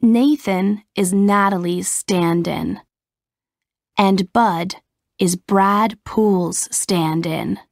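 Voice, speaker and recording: A woman narrating a story very slowly. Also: medium pitch, darkish tone, dry recording, clean studio sound. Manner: slow, careful, clearly articulated reading. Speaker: audiobook narrator. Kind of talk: scripted narration of a graded reader story.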